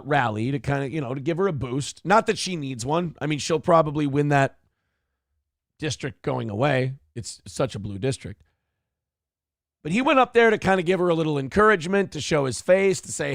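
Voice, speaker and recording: A man's voice: a little high, animated, moderate pace, no echo, studio quality. A man from Minnesota hosting a casual commentary show, ranting sarcastically and swearing freely. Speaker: host.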